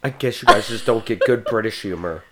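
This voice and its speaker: A man hosting a podcast, chatting casually about movies in an excitable, rambling way. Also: on the low side, brisk, crowd noise. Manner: excitable and rambling, jumps between thoughts. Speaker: podcast host.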